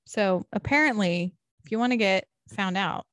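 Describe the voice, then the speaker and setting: A woman's voice: medium pitch, moderate pace, dry recording. Giggly young woman, dry recording. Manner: giggly, animated storyteller. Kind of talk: casual podcast chat. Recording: dry close mic.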